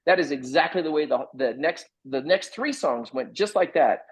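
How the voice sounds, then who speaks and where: Husky middle-aged man telling a lively story. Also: fairly high pitch, moderate pace, low-quality recording. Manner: lively, acts out other people's lines in quoted voices. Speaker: playwright guest. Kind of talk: animated storytelling anecdote.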